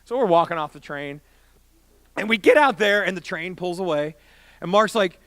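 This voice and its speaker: Animated high-voiced man telling a story. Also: moderate pace, no echo. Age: 20s. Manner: animated storyteller acting out quotes, voice rising to shouts. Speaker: youth pastor. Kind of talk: storytelling sermon.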